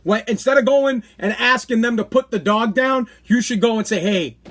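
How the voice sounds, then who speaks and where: A man's voice: very high-pitched, normal speed, a bit bright. A man hosting his own live-stream podcast, ranting in an aggravated, sarcastic way. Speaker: podcast host.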